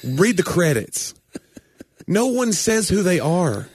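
A man co-hosting a casual comedic chat, ranting in a jokey, animated way. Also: sits high, slow pace, breathy edge, no room sound, clean studio sound. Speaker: podcast co-host.

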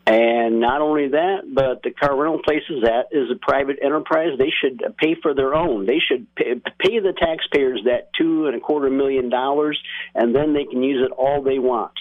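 Casting: radio caller, halting and plainspoken, heard over a tinny phone line. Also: male voice, medium pitch. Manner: halting, plainspoken, many fillers. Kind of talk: phone-in opinion.

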